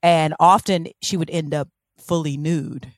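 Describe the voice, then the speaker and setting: A woman co-hosting a podcast, telling a history story in a casual, animated way with laughing asides. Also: deep voice, measured pace, no room sound. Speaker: podcast co-host.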